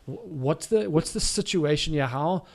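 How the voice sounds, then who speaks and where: A man's voice: fairly high pitch, expressive, moderate pace, vocal fry. Emphatic South African man coaching. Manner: emphatic, coaching, repeats key words. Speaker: caddie trainer. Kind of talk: training webinar talk.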